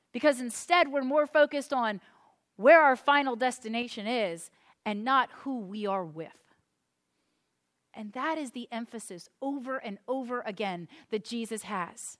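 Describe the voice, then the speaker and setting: A woman's voice: a little high, normal speed, a bit bright. A woman pastor preaching a sermon, earnest and emphatic, often repeating a point for weight.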